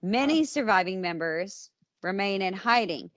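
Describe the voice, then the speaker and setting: American woman podcast co-host, mid-pitched, close and dry sound, casual blunt true-crime recap. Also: animated, unhurried, a bit bright, dry recording. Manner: conversational, blunt, with fillers and asides.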